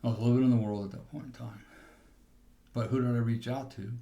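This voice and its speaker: A man's voice: mid-range voice, steady tone, a little fast, dark tone, muffled recording. A man hosting a podcast, telling a personal testimony in a rambling storytelling way with restarts. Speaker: podcast host.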